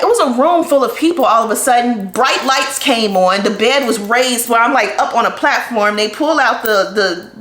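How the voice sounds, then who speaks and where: A young woman vlogger telling a personal story, candid and animated, with lots of "like" fillers. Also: a little high. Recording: echoey room.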